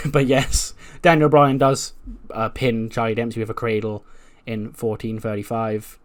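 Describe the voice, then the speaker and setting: Man, game streamer, wry, self-deprecating, casual narration, mid pitch. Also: little pitch movement, measured pace. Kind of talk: let's-play narration.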